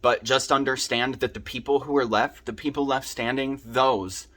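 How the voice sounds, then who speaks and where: A young vlogger speaks at a moderate pace in a mid-range, fairly bright voice with fairly even intonation. Talking earnestly to camera, he shares his recovery and gives advice based on his own experience.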